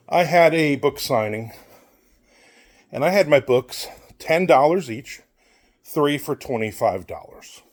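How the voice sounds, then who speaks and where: A man's voice: medium pitch, animated, normal speed. A middle-aged man who hosts his own channel, giving a blunt, rambling opinion while out on a walk and acting out the people he quotes. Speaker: author and channel host. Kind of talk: casual opinion monologue while walking.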